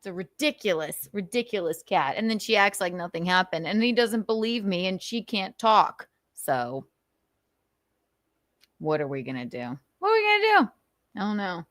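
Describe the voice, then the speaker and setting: A woman's voice: fairly low pitch, moderate pace, no room sound. Woman streamer rambling and cussing, lots of laughing, swoopy voice, dry close sound. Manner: animated, profane and laughing storyteller. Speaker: livestream host. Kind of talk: casual livestream chat.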